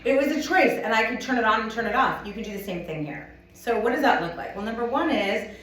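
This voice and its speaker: A woman giving a chatty, animated sales training talk to a live audience, acting out little scenes as she goes. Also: on the high side, quick pace. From United States. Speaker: motivational speaker at a sales event. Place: conference room with a live audience. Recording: echoey room, from a distance.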